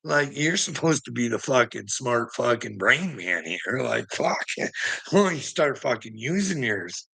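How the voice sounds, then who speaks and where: A man's voice: medium pitch, sing-song, measured pace, creaky, bright, forceful tone, slightly rough. A man ranting on a casual livestream, profane and rambling, breaking into laughter often.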